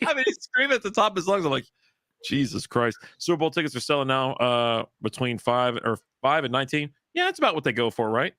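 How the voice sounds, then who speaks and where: A man's voice: fairly high pitch, big pitch swings, a little fast, sharp tone, no echo, clean studio sound. A man co-hosting a casual live chat about football and beer, loose and profane with mocking asides. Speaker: co-host.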